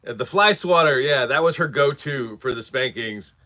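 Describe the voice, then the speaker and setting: A man's voice: mid-range voice, animated, normal speed, pushed and bright. A man in his forties hosting a casual livestream from his workshop, rambling through stories and laughing often while answering chat. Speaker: livestream host.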